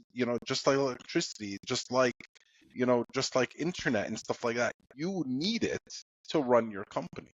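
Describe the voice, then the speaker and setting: A man co-hosting a podcast in a calm, laid-back way, leaning on lots of "you know" fillers. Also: medium pitch, dry recording, dull audio. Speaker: podcast co-host. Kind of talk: casual podcast chat.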